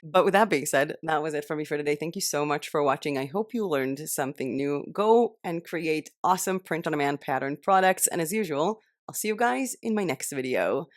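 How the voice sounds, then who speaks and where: A woman's voice: sits low, lively intonation, fairly quick, dry recording, studio quality. A young woman hosting a casual vlog, talking with a slight lisp from painful wisdom teeth, chatty and self-mocking. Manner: chatty, self-deprecating, laughing through pain. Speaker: channel host. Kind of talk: casual vlog chat and bloopers.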